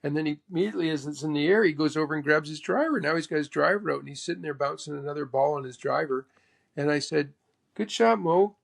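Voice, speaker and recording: Gravelly man from Canada telling golf stories. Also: on the high side, quick pace. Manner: animated, acts out the other person's speech. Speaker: guest, pro golfer. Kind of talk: storytelling interview.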